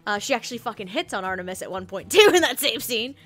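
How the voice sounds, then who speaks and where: A woman's voice: on the high side, lively intonation, fast talker, a bit bright, soft background music. A woman hosting a casual podcast chat, rambling and self-correcting, laughing often. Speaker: podcast host reviewing an audio drama.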